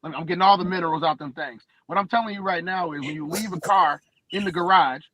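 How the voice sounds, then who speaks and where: Man, brash banter, boastful, mocking, higher pitch, very dry sound. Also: fast talker, pushed and bright, no room sound, low-quality recording. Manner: boastful, mocking, repeats words. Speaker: podcast co-host. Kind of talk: brash trash-talking banter.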